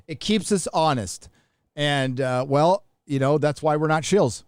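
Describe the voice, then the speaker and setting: A man's voice: on the high side, lively intonation, measured pace, smooth, no echo, clean studio sound. A middle-aged man from the United States hosting a live stream, talking bluntly and profanely in rambling casual commentary with many restarts.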